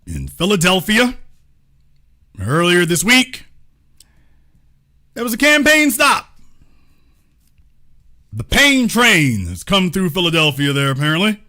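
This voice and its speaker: A man hosts a commentary show in a grand, preacher-like style laced with sarcasm. His voice is bright and lively, swinging widely in pitch. Faint music plays behind him. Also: takes it slowly, pauses often. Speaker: host. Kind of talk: animated political commentary.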